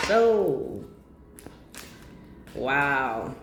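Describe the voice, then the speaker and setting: A woman's voice: low-pitched, lively intonation, unhurried, music in the background. Chatty woman in an echoey room. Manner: chatty, affectionate, exclaiming. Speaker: spiritual reader. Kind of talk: casual tarot reading to viewers. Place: home. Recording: echoey room with faint noise.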